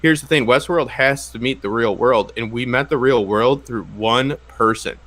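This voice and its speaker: Bright-voiced rambling man. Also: mid-range voice, moderate pace, dry recording. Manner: rambling, filler-heavy, restarts thoughts. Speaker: guest reviewer. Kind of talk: casual review chat.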